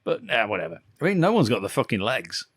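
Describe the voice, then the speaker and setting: A man's voice: medium pitch, huge pitch swings, fast talker, dry recording, clean studio sound. A man co-hosting a podcast, recapping a bad film in casual, profane, rambling banter. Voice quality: sweary, laughing, rambling recaps. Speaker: podcast co-host.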